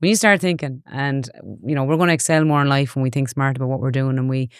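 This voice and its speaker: Brief: Galway Irish woman, forties, rapid and chatty guest, smooth clear voice, dry close sound. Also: a bass voice, steady tone, no echo. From Ireland. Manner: chatty storyteller, earnest. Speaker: guest, online safety educator. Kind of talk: casual interview chat.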